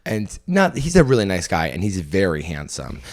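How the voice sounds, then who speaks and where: A young man with a deep, low voice hosts a comedy podcast. He spins a loose, self-mocking story in a lively, off-the-cuff way, drifting from one thought to the next. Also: moderate pace. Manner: animated, rambling, self-deprecating storytelling. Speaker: podcast host and stand-up comedian. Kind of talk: casual comedic monologue.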